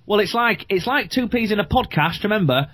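A man's voice: sits high, expressive, brisk, music in the background. A young man from southern England co-hosting a podcast, chatting casually and laughing a lot over a video call. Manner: laughs often, jokey. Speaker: podcast co-host.

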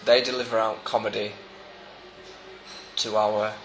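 A man co-hosting a podcast in casual chat, with a bright tone. He trades dry quips and puns. The room is echoey with a faint hiss. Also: fairly low pitch, little pitch movement, unhurried. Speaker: podcast co-host.

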